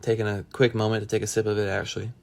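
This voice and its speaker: A man's voice: lowish voice, little pitch movement, very fast, vocal fry. A man hosting a solo podcast, talking in a rambling, profane and wry way. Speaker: podcast host.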